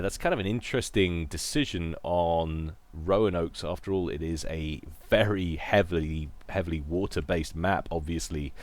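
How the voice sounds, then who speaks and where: Low-voiced man casting a game. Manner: chatty, joking, self-deprecating. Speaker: game commentator. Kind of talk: casual video game commentary.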